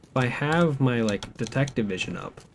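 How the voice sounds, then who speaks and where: A man's voice: mid-range voice, animated, moderate pace. A young man streaming a game, joking around and reading the game's notes aloud in a rambling, casual way. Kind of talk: casual let's-play commentary. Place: home streaming setup. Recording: background noise with keyboard typing.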